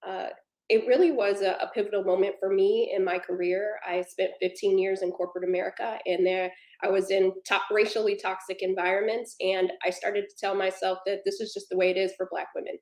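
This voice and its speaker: A woman's voice: medium pitch, steady tone, brisk, darkish tone, reverberant. A woman on a panel telling a personal story earnestly, building to emphatic passages. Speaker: panel speaker.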